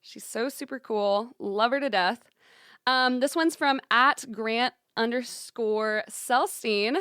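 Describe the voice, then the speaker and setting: A woman's voice: on the high side, takes it slowly, pushed and bright, clear, resonant tone, no room sound, studio quality. Bubbly young woman podcast host. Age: young adult; 20s. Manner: bubbly, upbeat, says "y'all" and "you guys" often. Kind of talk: solo podcast monologue. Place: small recording studio.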